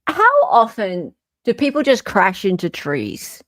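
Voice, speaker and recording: A woman's voice: medium pitch, huge pitch swings, slow pace, fairly bright tone, no room sound, clean studio sound. A woman hosting a podcast, chatting bluntly and mockingly about the news. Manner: blunt, mocking, laughs often. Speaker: podcast host. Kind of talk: casual commentary chat.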